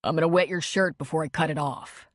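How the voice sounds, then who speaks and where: A woman's voice: sits low, fairly even intonation, fast talker, no room sound, studio quality. Soothing doctor guy, practical and easy, read by a woman, audiobook.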